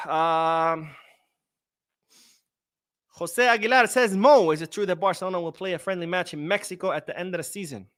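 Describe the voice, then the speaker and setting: A man's voice: high voice, moderate pace, long pauses, a bit bright, no room sound, studio quality. A young man hosting a live-streamed football podcast, ranting sarcastically and reading out viewer comments. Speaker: podcast host.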